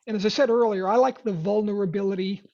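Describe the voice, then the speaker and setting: A man teaching sales prospecting in a webinar, talking in a lively way with quick restarts. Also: sits high, creaky, dull audio. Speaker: sales trainer.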